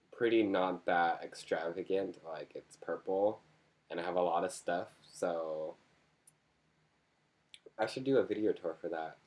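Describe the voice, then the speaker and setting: A man with a low, deep voice chats straight into his camera at home-video ease. He rambles from one topic to the next, joking and poking fun at himself as he goes. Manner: rambling, joking and self-mocking. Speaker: vlogger. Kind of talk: casual chat to camera.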